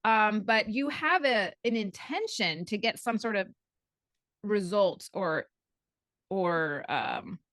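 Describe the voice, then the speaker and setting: A woman guest and coach in a podcast interview, telling stories and acting out her own past thoughts in quick little voices. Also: mid-range voice, no room sound. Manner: animated storyteller who acts out her own past thoughts.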